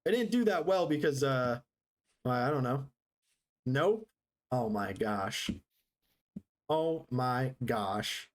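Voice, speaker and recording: A man's voice: medium pitch, very animated, unhurried, pauses often. A man streaming a game live, chatting casually with his viewers in a joking, sarcastic, rambling way. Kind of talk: casual live-stream chat while gaming.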